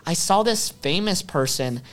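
A teenage boy co-hosting a podcast in casual chat, telling stories animatedly and acting out quotes loudly. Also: a little high, animated, unhurried. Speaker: podcast co-host.

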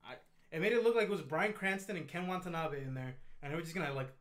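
A man's voice: on the high side, fast, a bit bright. A man chatting casually as a podcast co-host, blunt and emphatic, with frequent swearing. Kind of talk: casual chat.

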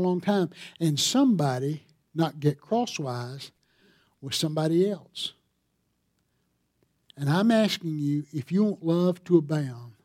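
Preaching man, higher voice, dark tone. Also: dry recording, clean studio sound. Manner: storytelling, building to emphatic preaching. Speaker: pastor. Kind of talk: sermon.

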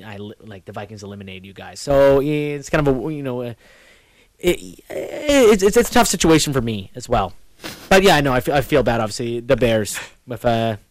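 A man hosting a casual sports podcast, talking in an animated way with quick swings in pitch. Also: dry recording. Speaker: podcast host.

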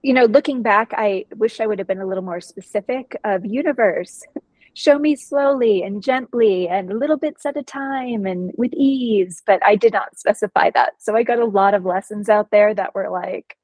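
A woman, a psychologist guest in a casual interview, telling personal stories in an expressive, vivid way. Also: medium pitch, moderate pace, dry recording, poor audio.

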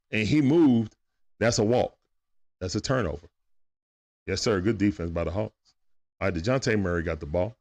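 A man giving casual, excitable play-by-play commentary on a live stream, chatting with his viewers in slang. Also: medium pitch.

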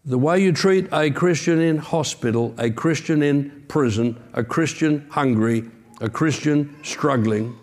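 A man's voice: medium pitch, darkish tone. A man preaching a sermon as pastor, earnest and emphatic, with conversational asides.

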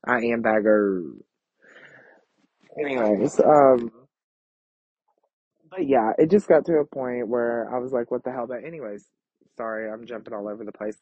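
Pausing often, a young man from Kentucky hosts a podcast with a brash, profane, campy confessional monologue. His medium-pitched voice moves at a moderate pace with a breathy edge, recorded dry on dull lo-fi home equipment.

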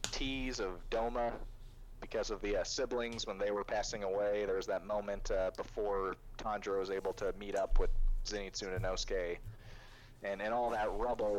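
Low-voiced young man recapping casually. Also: slight background noise, poor audio. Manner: laughing, filler-heavy retelling with quick imitations of characters.

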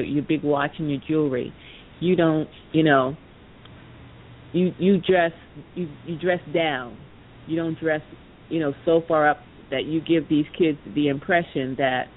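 Casual podcast storyteller, rambling with lots of asides, over a thin phone line with a low rumble behind. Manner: rambling, full of "you know" asides. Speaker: podcast speaker.

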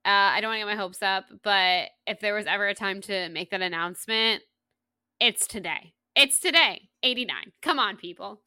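A woman co-hosting a casual book-club podcast, chatty and animated with quick asides. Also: medium pitch, clear, resonant tone, no room sound, clean studio sound. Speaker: podcast co-host.

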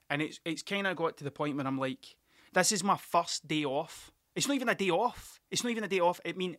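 A middle-aged Scottish man rants through a casual podcast monologue, swearing freely and restarting his sentences over and over. His voice sits a touch high and rings bright and forceful. The sound is close and dry, with no room around it. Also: no room sound. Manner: sweary, rambling, frequent self-interruptions. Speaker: podcast host. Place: workshop.

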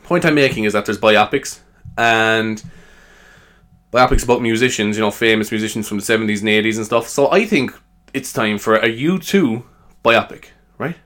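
A man's voice: on the low side, moderate pace, a bit bright. A man rambling in a casual solo chat, self-amused and full of fillers. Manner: chatty, self-amused, lots of fillers and laughs. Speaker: podcaster.

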